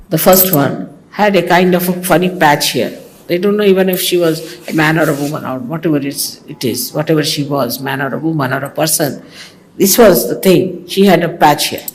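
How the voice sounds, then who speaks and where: An older woman with an Indian accent, a spiritual teacher giving an informal talk full of rambling stories, asides and gentle mockery, heard in an archival recording. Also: deep voice, low-quality recording.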